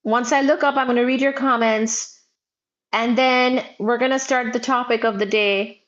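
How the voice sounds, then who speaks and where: A woman hosting a physics livestream in casual chat, reading viewer comments loudly and playfully, near shouting at times, wearing headphones. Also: a little high, fairly even intonation, normal speed, lo-fi sound.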